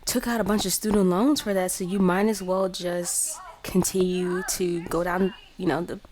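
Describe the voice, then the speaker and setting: A woman voicing a pushy, gossiping old grandmother who meddles in her granddaughter's love life, with a fussy, drawn-out way of talking. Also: lowish voice, flat delivery, darkish tone, close to an everyday voice. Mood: insistent. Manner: meddling, drawn-out "you know" fillers.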